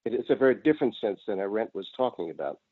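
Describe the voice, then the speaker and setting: A man calling in to a reading group, offering an observation in a halting, tentative way with many pauses. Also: lowish voice, animated. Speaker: caller. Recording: tinny phone line, dry.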